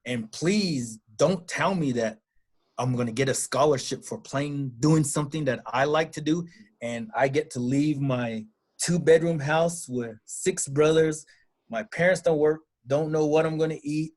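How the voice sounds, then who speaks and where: A man's voice: a little high, unhurried, darkish tone. A man hosting an interview, himself a coach, talking reflectively and restarting his sentences as he thinks. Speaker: interview host and football coach. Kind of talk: casual interview conversation.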